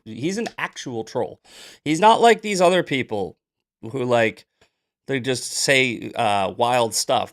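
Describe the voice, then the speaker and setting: A man hosting a casual live-stream news commentary show, rambling and joking between points. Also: mid-range voice. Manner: loose, rambling, jokey asides while fixing tech.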